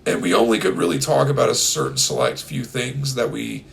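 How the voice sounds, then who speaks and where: Hoarse, gravelly young man. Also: medium pitch, a little fast, slight background noise. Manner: playful, rambling, breaks into silly bits. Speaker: podcast co-host. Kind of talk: casual chat.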